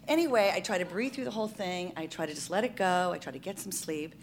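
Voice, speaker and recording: A woman telling a comic story live, in an animated style, often laughing through her lines. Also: medium pitch, fairly quick, few pauses, a little hiss or hum.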